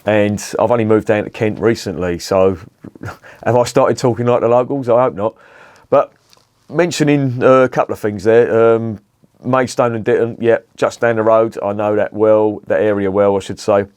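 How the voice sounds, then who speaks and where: A man's voice: fairly low pitch, fairly even intonation, normal speed, a little mellow, smooth, no echo, studio quality. A middle-aged man with a London accent, chatting casually and bluntly on a beer review vlog, rambling and swearing at home.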